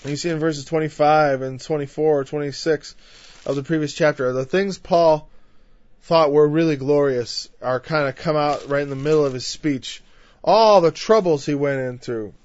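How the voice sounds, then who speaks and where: A man preaching a conversational Bible-teaching sermon. He is emphatic, builds louder through lists and drops in frequent "you know" asides. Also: a little high, moderate pace. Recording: dull, dry lo-fi recording.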